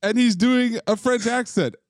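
A man's voice: extremely high pitch, measured pace, dry recording, studio quality. A man co-hosting a comedy podcast in casual chat, rambling and slipping into a tough-guy impression now and then. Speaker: podcast co-host.

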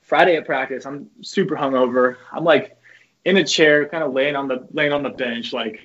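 A young man, a former college pitcher, telling loose, profane stories as a podcast guest. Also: moderate pace, fairly bright tone, muffled recording. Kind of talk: casual podcast chat.

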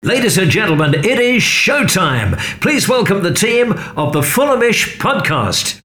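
A man's voice: high voice, sing-song, a little slow, reverberant, music in the background, pitched above the performer's own voice. A man putting on a showman announcer voice for a show intro jingle, with hyped showman delivery. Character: booming male showtime announcer.

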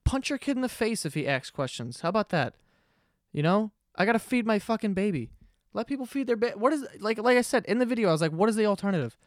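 A man's voice: high voice, big pitch swings, fast, no echo, studio quality. Profane rambling New man. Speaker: podcast host. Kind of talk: casual comedic monologue.

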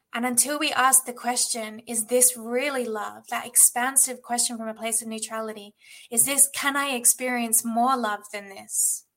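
A woman's voice: a little high, a bit bright. Earnest woman telling a personal story. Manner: reflective, earnest, many "like" fillers. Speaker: guest, intuitive channel.

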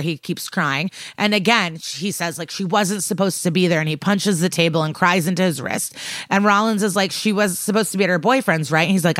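A woman's voice: lowish voice, fairly quick, a bit bright, dry recording. A woman co-hosting a podcast, retelling a TV episode in casual chat and quoting the characters as she goes. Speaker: podcast co-host.

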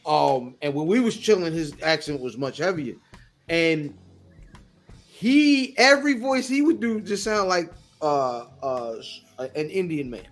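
A man's voice: fairly high pitch, animated, unhurried. A man co-hosting a podcast in casual, slangy chat, laughing often and slipping into mimicked voices. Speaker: podcast co-host.

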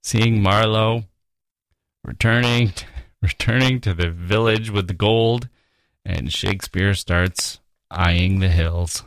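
A man hosting a podcast, giving reflective literary commentary in a musing way, with soft laughs and read-out quotes. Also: lowish voice, takes it slowly, no room sound. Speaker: podcast host.

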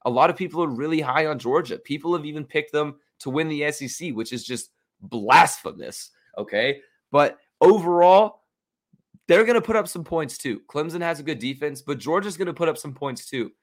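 A man's voice: a little high, lively intonation, normal speed. A young man hosting a sports betting podcast, talking through his picks in a chatty, confident, self-mocking way. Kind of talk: casual solo commentary.

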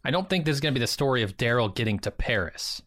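Wry podcast co-host man, dry lively voice. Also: medium pitch, quick pace, no room sound. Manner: wry, sarcastic. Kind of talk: casual podcast chat.

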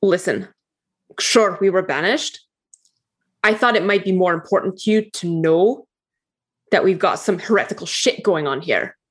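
A woman's voice: fairly low pitch, expressive, normal speed, long pauses, slightly rough. A woman voicing a pushy, streetwise female psychic agent who talks casually and swears. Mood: bluffing.

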